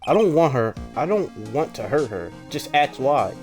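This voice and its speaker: A man's voice: medium pitch, big pitch swings, normal speed, close to an everyday voice. A man voicing a brooding young male convict who talks in clipped, broken English, over game music.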